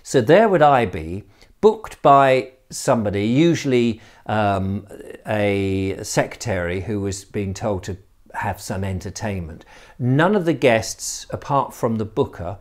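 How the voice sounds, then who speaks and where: A man's voice: lowish voice, lively intonation, unhurried. A man, a vlogger and former comedy entertainer, telling a story in a chatty, rambling way, with ums and restarts, and slipping now and then into posh voices for the people he quotes. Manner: briefly slips into posh character voices for quoted guests. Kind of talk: conversational storytelling monologue.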